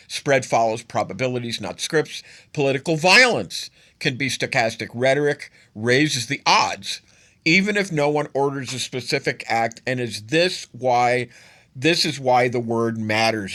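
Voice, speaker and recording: A man's voice: mid-range voice, sharp tone. A man hosting a solo political commentary show, speaking emphatically and repeating phrases for stress.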